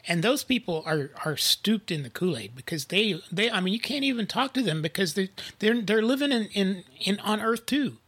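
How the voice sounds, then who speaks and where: A man in a casual political chat, rambling with frequent restarts and animated retellings. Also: high voice, normal speed, hardly any pauses, breathy edge, no room sound.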